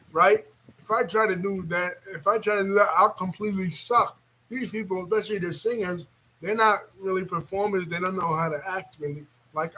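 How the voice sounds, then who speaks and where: High-voiced animated man rambling casually. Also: a little hiss or hum, poor audio. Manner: animated, rambling, laughs often. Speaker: reaction video host. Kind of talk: casual reaction commentary.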